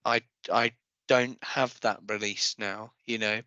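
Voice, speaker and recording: Hesitant man, bright dry voice. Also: on the low side, fairly even intonation, dry recording, dull audio. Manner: hesitant, reflective, halting. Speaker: podcast co-host. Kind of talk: casual chat.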